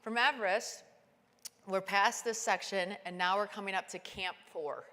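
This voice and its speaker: A woman giving a keynote talk, telling a climbing story and acting out the dialogue with lively, animated delivery. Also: moderate pace. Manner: animated, acts out dialogue with big pitch jumps. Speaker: keynote speaker. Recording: long hall reverb.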